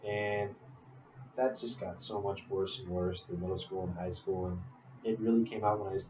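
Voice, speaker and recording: A young man with a low voice tells a personal story in a loose, rambling way, stopping for asides. He sounds a bit off from the mic, in a roomy space with an echo. The recording is dull and has steady noise behind it. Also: moderate pace, far from the mic. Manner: rambling, full of fillers and asides. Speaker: speaker telling a personal story. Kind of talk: casual storytelling speech.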